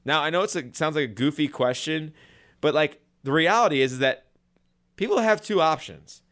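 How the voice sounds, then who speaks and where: A man's voice: a little high, brisk, fairly bright tone. A man, a chiropractor talking earnestly and casually about patient care and diet. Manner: earnest, conversational, retells patient stories. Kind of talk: casual talk to camera.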